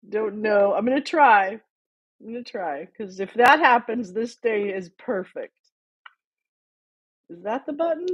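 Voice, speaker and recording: A woman with a high, breathy voice chats playfully to viewers on a live stream, fond and loose, calling them darlings. The sound is dry and a little dull, like lo-fi stream audio. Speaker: livestream host. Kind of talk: casual live-stream chat.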